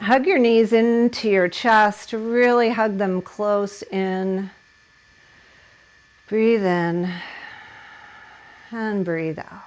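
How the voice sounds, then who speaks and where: Woman, yoga teacher, slow pace, encouraging, mid pitch. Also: rough recording. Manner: encouraging, laughs at herself while holding poses. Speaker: yoga instructor. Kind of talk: guided yoga class instruction.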